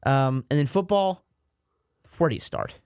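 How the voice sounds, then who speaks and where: Male podcast co-host, slightly higher voice, rambling casual sports talk, dry close mic. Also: a little slow, darkish tone, clean tone, dry recording. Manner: rambling, repeats words, self-mocking asides.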